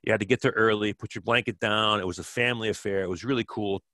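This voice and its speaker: A man's voice: on the low side, steady tone, fast talker, bright, forceful tone, no echo. A man in his fifties from Kenosha, Wisconsin, telling stories as an interview guest in a rambling way with many restarts. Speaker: guest, former track cyclist. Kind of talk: relaxed storytelling interview.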